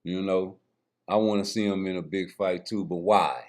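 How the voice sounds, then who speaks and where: A man's voice: low voice, steady tone, moderate pace, a little mellow. A man giving casual, profane, rambling boxing commentary straight to his viewers. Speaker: boxing YouTuber.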